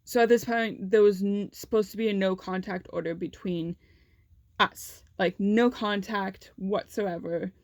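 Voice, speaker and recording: A woman's voice: medium pitch, fairly even intonation, a little slow, no echo, clean studio sound. A young adult woman vlogger telling a personal story in a casual, chatty way, full of fillers.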